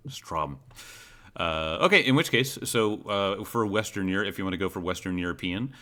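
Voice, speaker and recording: Deep bright-voiced man running a game. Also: expressive, moderate pace. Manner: hesitant, many fillers and restarts. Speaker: game master. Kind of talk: guiding character creation in a tabletop game.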